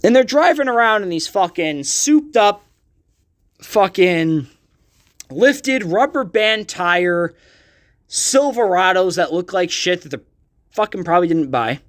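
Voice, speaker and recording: Podcast host, young man, high-pitched, blunt and sweary, casual rant. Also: expressive, unhurried. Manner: ranting and profane, with frequent fillers.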